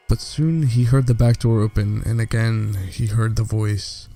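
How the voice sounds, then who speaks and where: A man narrating scary stories in a theatrical, scripted way, with slow dramatic pauses. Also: on the low side, fairly even intonation, gravelly, dark tone, faint music behind. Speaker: horror story narrator.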